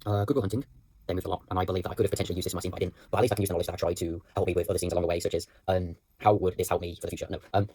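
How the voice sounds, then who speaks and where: Fast-talking husky young man. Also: low voice, fairly even intonation, mellow, no room sound. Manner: rambling, many fillers and restarts. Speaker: drama student. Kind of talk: reflective voice note on acting practice. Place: indoors at home.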